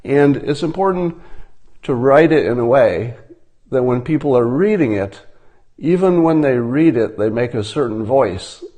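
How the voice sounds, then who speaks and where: A man giving a deadpan satirical monologue, mock-instructional and ironic in tone. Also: medium pitch, a little slow. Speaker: commentator.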